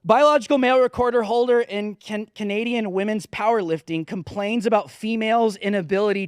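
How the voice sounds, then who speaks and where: High-pitched guy ranting at his viewers, mocking and emphatic, super dry close sound. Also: a little fast, few pauses, smooth, no room sound. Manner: emphatic, mocking, talks to viewers as guys and dude. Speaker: show host. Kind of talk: ranting commentary.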